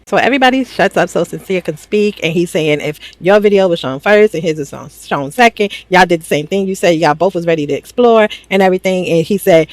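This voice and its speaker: A woman's voice: lowish voice, fast, hardly any pauses, no room sound. Sassy woman dishing on reality TV. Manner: animated, sassy, laughs often, swears. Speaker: reality TV commentator. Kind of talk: casual recap commentary.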